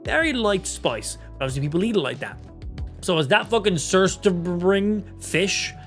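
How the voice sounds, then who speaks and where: A man's voice: sits high, sing-song, moderate pace, fairly bright tone, faint music behind. A young Irish man in his twenties chatting casually on a live stream, swearing freely and reacting to chat. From Ireland. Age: 20s. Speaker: gaming streamer.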